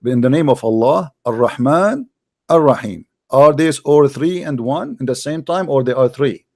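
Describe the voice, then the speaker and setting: A man hosting a debate, pressing with rapid repeated questions. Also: mid-range voice, lively intonation, darkish tone. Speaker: debate host. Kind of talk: live call-in debate.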